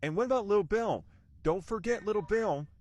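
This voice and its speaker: A man's voice: high voice, lively intonation, a little fast, darkish tone, dull audio, slight background noise. A man, chatting casually to viewers in a rambling monologue and asking them questions. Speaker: vlogger.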